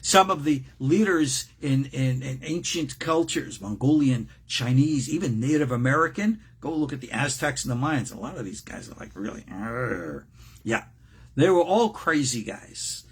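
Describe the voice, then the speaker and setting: An older man, a rabbi, giving an informal religious class, animated and joking with frequent asides and a raspy voice. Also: fairly high pitch.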